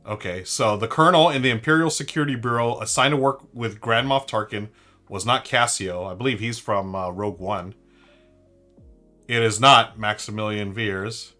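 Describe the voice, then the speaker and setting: A man's voice: on the low side, pushed and bright. A man hosting a live-stream trivia board game, chatting upbeat and thinking aloud to his viewers.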